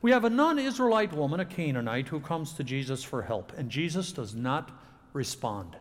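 A man preaching a sermon to a congregation, with dramatic pauses and expressive delivery. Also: on the high side, long reverb tail. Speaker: pastor. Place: church sanctuary.

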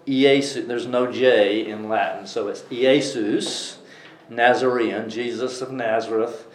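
A man's voice: medium pitch, fairly even intonation, slow, a little hiss or hum. A man teaching a Bible study class in a conversational way, putting questions to the class as he goes. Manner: conversational, asks the class questions, many restarts. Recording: echoey room.

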